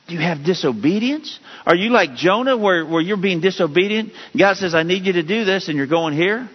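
A man preaching a sermon as a pastor, with sudden rises in pitch and emphasis. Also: sing-song, moderate pace, slightly rough. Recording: dull lo-fi sound with long hall reverb.

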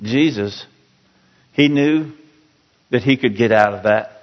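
A man preaching a sermon, reading scripture slowly and rising to pleading emphasis. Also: medium pitch, dull audio. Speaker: pastor. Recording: long reverb of a large hall.

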